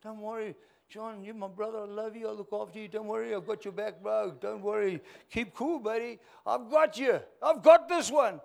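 A sly little girl coaxes and pleads in a high, squeaky voice, as a preacher puts her on in a story. She sounds sweet but scheming. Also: normal speed, gravelly. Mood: pleading.

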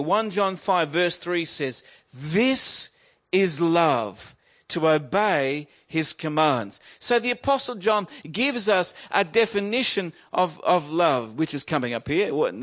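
A man's voice: sits high, expressive, moderate pace, few pauses, fairly bright tone. A man in his fifties preaching a sermon in an earnest way, repeating key phrases for emphasis. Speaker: pastor.

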